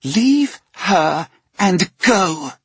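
A man's voice: sits high, sing-song, drawn-out words, breathy edge, dry recording, pitched above the performer's own voice, full character voice. A man voicing a seething, snarling young girl. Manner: snarling through clenched teeth. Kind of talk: audiobook character voice.

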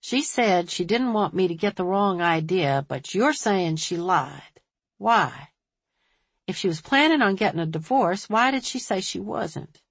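A woman's voice: lowish voice, lively intonation, measured pace, breathy edge, no room sound, exaggerated voice. A woman voicing an earnest, plain-spoken small-town male sheriff who is often puzzled.

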